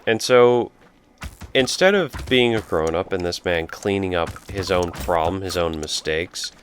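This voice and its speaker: A man with a low, animated voice speaks at a measured pace over a faint hiss or hum. He's a let's play commentator, casually spinning a rambling story while gaming and pausing to react to what happens on screen.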